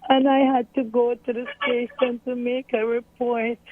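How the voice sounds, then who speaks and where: A woman's voice: a little high, normal speed, dry recording. A middle-aged woman, a mother earnestly recounting events in an interview. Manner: earnest, storytelling, animated retelling. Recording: tinny phone-like audio.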